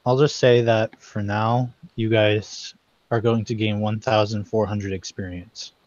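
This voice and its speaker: Male game master, low voice, rambling narration, dry muffled line. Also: flat delivery, measured pace, a little mellow, no echo. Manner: loose, hesitant, many fillers. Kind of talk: narrating a tabletop game over voice chat.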